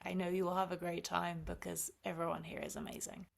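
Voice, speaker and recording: A woman musician thanking the audience over a video call, speaking quietly and haltingly. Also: lowish voice, level tone, vocal fry.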